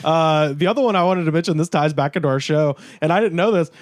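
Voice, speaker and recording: A man's voice: on the high side, quick pace, dry recording, clean studio sound. Laughing, rambling male podcast host. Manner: rambling, laughs often, profane. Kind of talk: casual chat.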